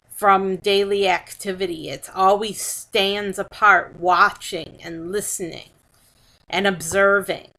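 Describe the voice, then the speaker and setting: A woman gives a spiritual talk at an unhurried, deliberate pace. Her voice is bright and forward. She circles back over her phrases and restarts them as she goes. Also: mid-range voice, poor audio. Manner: slow and measured, repeating and restarting phrases. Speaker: spiritual teacher.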